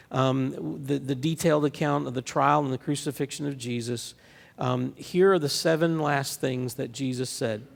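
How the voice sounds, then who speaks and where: A man preaching a sermon in a casual, conversational way, often restarting his sentences and pausing on fillers. His mid-range voice has a gravelly edge. The sound carries a long reverb from the large church hall around him. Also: mid-range voice. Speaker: pastor. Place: church sanctuary.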